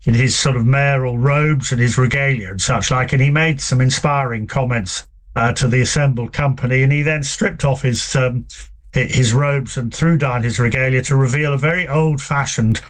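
A man talking at an everyday middle pitch, telling anecdotes with many small hesitations and restarts. He sounds relaxed, like an author explaining his subject to an interviewer. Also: normal speed. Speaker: author and guest. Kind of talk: relaxed radio conversation.

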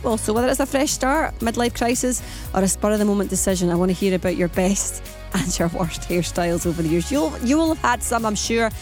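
A woman's voice: mid-range voice, lively intonation, darkish tone, soft background music. Chatty woman radio host. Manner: chatty, asks rapid questions, reads out phone numbers. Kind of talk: morning radio phone-in presenting.

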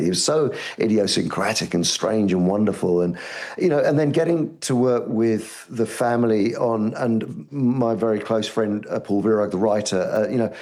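A man guesting on a radio interview, telling stories animatedly with many restarts. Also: on the low side. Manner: animated storytelling with frequent restarts.

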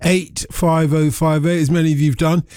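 A man's voice: fairly high pitch, level tone, normal speed, mellow, smooth, no echo, clean studio sound. Jokey man hosting late-night radio. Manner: rambling, jokey, filler-heavy banter. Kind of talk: casual chat. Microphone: studio microphone.

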